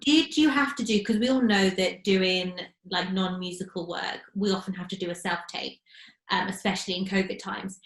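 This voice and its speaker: A British woman co-hosting a podcast, chatting in a giggly, apologetic way and quick to cut in. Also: mid-range voice. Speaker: podcast co-host. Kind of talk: casual chat. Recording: roomy echo.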